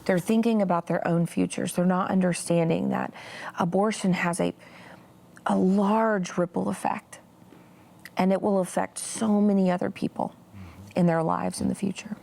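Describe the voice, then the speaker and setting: Earnest woman with a gravelly low voice. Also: fairly even intonation, moderate pace, mellow. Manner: earnest, many "you know" fillers. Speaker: guest, pro-life activist. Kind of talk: interview storytelling.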